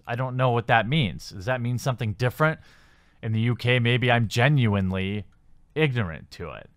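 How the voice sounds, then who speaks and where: A man's voice: medium pitch, lively intonation, normal speed, a bit bright, no echo. A man hosting a commentary channel, reading news articles aloud and picking them apart with sarcastic, skeptical remarks and many fillers.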